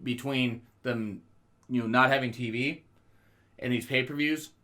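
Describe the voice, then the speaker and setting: Podcast co-host, male, loose and profane, laughs easily, mid pitch. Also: fairly even intonation, measured pace, bright, forceful tone. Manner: loose, profane, laughs at his own jokes. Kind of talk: casual wrestling chat.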